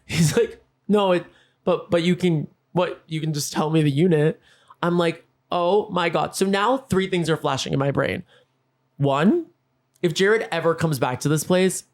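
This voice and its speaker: A man hosting a podcast, telling a comic story and acting out both sides of each conversation. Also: on the high side. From Los Angeles. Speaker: podcast host. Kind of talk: comedic storytelling monologue.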